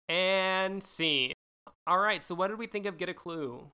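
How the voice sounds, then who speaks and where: A woman co-hosting a podcast, chatting in an animated, casual way. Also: lowish voice, unhurried, clear, resonant tone. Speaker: podcast co-host. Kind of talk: casual chat.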